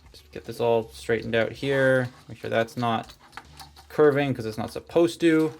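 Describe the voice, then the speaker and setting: A man walking viewers through a toy, step by step, in a relaxed and chatty way. His pitch sits in an ordinary middle range. Faint clicks and tapping sit quietly behind him. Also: measured pace, gravelly, a little hiss or hum. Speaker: toy reviewer. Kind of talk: casual hands-on toy review.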